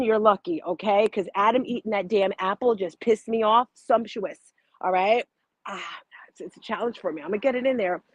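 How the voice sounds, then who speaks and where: A woman in her fifties hosting a morning motivation show over a video call, bubbly and excitable. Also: on the high side, dry recording, muffled recording. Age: 50s. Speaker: show host.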